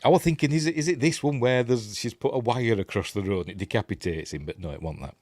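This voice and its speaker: A man's voice: mid-range voice, quick pace, darkish tone, no room sound. A Yorkshire man giving a casual, rambling scene-by-scene commentary on a film, often correcting himself and chuckling. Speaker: film reviewer.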